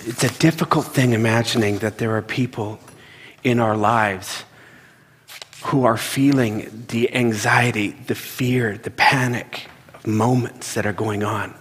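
A middle-aged man preaching, telling stories in a halting, earnest way and repeating words as he searches for them. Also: fairly low pitch, fairly even intonation, husky. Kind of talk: sermon storytelling. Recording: long reverb in a large hall.

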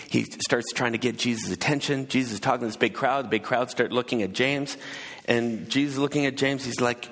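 A gravelly, husky-voiced man tells a story in a relaxed conversational sermon, pausing and restarting as he goes. His voice rings out with a long reverb in the hall. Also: mid-range voice. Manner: casual, hesitant retelling with asides.

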